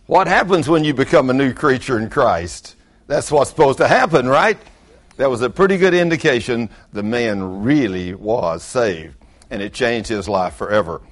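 An older man, preaching a folksy sermon full of acted-out stories. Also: mid-range voice. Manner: animated storyteller, acts out quotes loudly.

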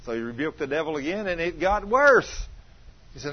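A man preaching, telling a homespun story to his congregation, teasing them, dropping to a murmur and then rising to excited exclamations. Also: on the high side, brisk. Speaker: pastor. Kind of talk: folksy storytelling sermon. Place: church sanctuary. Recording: muffled lo-fi church recording.

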